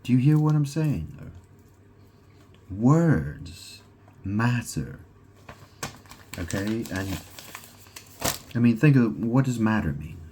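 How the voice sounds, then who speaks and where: A man's voice: mid-range voice, sing-song, takes it slowly, long pauses, mellow, a little hiss or hum. A man talking straight to camera in a rambling monologue, swearing freely, repeating himself, breaking off and restarting, and firing rhetorical questions at the listener. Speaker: self-proclaimed god vlogger.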